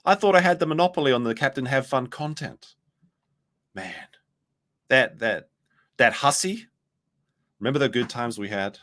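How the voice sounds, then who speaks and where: A man's voice: medium pitch, moderate pace, pauses often, fairly bright tone. A man giving sarcastic, rambling commentary on clips as a streamer. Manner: sarcastic, rambling, mimics others in quotes.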